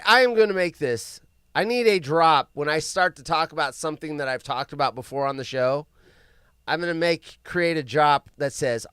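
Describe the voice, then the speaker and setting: A man hosting a live show in casual chat, rambling and often bursting into yelling. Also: high-pitched, clean tone, dry recording, studio quality. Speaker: podcast host.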